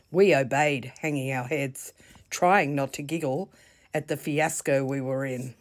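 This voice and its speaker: Slow, low-voiced Australian storyteller woman. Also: fairly even intonation. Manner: slow, gentle, deliberate reading. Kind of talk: bedtime story reading.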